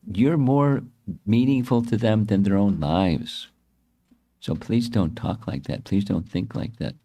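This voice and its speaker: A man voicing a loyal female friend who softly reassures her companion. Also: fairly low pitch, a little slow. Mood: reassuring. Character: loyal gopi girlfriend, gentle and reassuring.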